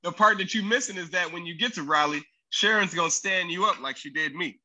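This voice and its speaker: A man's voice: high voice, brisk, sharp tone, poor audio. A man co-hosting a sports podcast, blunt and teasing in casual banter. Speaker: podcast co-host.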